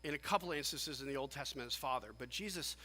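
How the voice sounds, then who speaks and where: A man preaching a sermon as pastor, animated and emphatic, often restarting his phrases. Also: medium pitch, racing. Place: church sanctuary. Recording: long church hall reverb.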